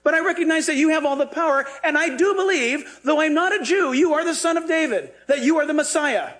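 A man's voice: very high-pitched, very animated, measured pace, sharp tone, pitched above the performer's own voice, full character voice. A man putting on a pleading Canaanite mother. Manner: earnest, urgent pleading.

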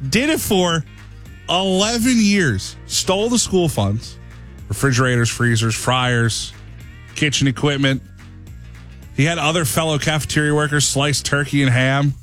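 A male overnight radio host recounts a story in a wry, deadpan way. His pitch rises and falls freely. A faint music bed plays beneath him. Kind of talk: casual radio monologue.

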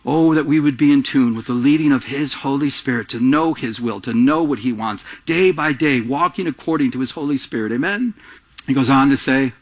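A middle-aged man preaching a sermon as pastor, animated, jumping between loud emphatic lines and quiet asides, acting out little voices in his stories. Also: medium pitch, fairly quick. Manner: acts out little voices in anecdotes, laughs while telling them.

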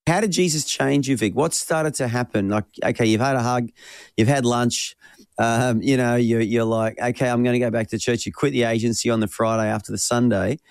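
A man's voice: mid-range voice, moderate pace, gravelly, no echo. A man hosting a talk show, encouraging his guest as he asks questions. The recording is dry and close. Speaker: host. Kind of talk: interview questions.

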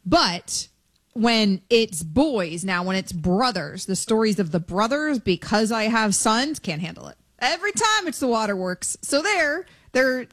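A woman's voice: on the high side, very animated, a little slow, a bit bright, no echo. Chatty woman sports radio co-host. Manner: chatty, emphatic, self-mocking. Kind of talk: casual sports talk. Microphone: studio microphone.

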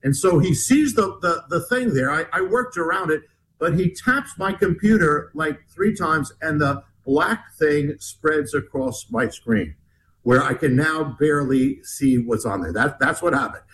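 A man telling a story in an interview, animated and rambling, with many restarts. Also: on the high side, measured pace, a little hiss or hum, poor audio. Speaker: guest author.

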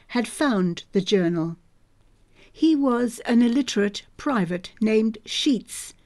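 Woman audiobook narrator, slow steady reading, warm mellow tone. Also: mid-range voice. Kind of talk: scripted novel narration.

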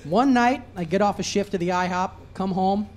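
A young adult man doing a stand-up comedy set, swinging from low mutters to loud shouting. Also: moderate pace.

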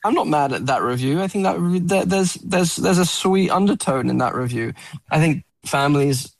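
Earnest, gravelly-voiced male actor. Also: fairly high pitch, normal speed, no room sound, poor audio. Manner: earnest, searching, repeats words. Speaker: film actor, guest. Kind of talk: radio interview.

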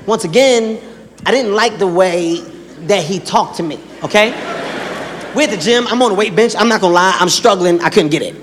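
A man doing a stand-up comedy routine, telling exaggerated stories with shouted punchlines. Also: sits high, moderate pace. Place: large performance hall. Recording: reverberant hall, faint background noise.

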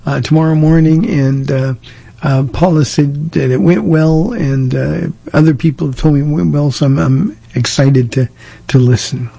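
A gravelly man with a somewhat higher voice, a pastor from Southern California answering listener questions. He talks plainly and directly and draws on stories from his life. The tone is dark and husky. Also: fairly even intonation, normal speed. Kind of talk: casual call-in advice talk.

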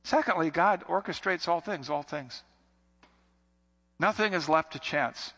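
A man's voice: a little high, measured pace, pushed and bright, big-room sound. A man preaching a sermon as a pastor, building to emphatic repetitions.

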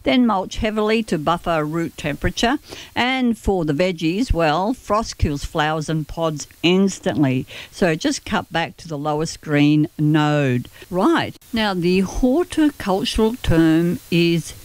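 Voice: mid-range voice, lively intonation, slow, dry recording. A host of a gardening show, explaining plant care in a chatty, explanatory way. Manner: chatty, explanatory, with occasional light laughter. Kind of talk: gardening advice talk.

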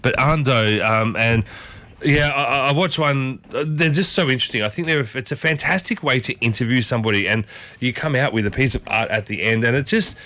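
This breakfast show host speaks briskly in a mid-range voice with a sharp tone. He's casual and folksy, quizzing listeners with question after question.

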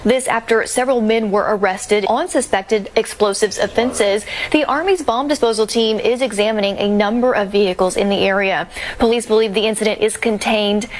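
Female field reporter, crisp newsreading. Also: medium pitch, a little hiss or hum. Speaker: news correspondent. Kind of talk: news report.

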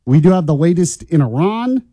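A man's voice: on the high side, very animated, normal speed, warm tone, no room sound. A man hosting a morning talk radio show, chatty and opinionated, teasing listeners and colleagues. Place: radio studio.

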